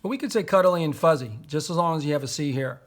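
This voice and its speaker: A man's voice: on the high side, fast talker. A man teaching a poetry lesson to young children, patiently sounding out words and syllables.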